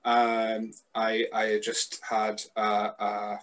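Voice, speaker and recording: A man's voice: fairly low pitch, monotone, extremely slow, fairly bright tone. Guy hosting a podcast, dry jokey chat. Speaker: podcast host.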